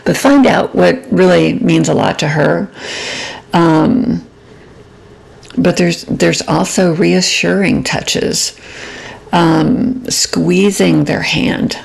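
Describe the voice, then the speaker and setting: A woman with a low, heavily gravelly voice speaks to camera at a very slow, unhurried pace. She gives relationship advice in a soft-spoken, reflective way and often pauses with little ums as she gathers her thoughts. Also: steady tone. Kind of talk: reflective personal talk to camera.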